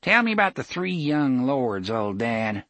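A man voicing a rough, menacing young frontier thug with old-fashioned rustic speech. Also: medium pitch, very animated, a little slow, fairly bright tone, no echo, pitched above the performer's own voice. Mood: threatening.

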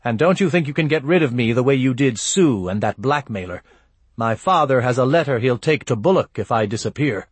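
A man voicing a cold, scheming young barmaid, in a husky voice. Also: medium pitch, animated, fairly quick, no echo.

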